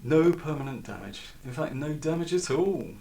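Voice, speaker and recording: A man's voice: a little high, animated, normal speed, warm tone, pitched above the performer's own voice. A man doing a dry, clinical doctor. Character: male doctor, dry and unimpressed. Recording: distant mic.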